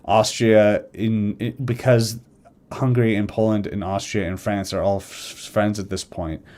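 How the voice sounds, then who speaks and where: Casual low-voiced man on a live stream. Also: flat delivery, a little mellow. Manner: rambling, self-correcting, acts out nations in quick quoted asides. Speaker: streamer discussing a game mod's alternate history.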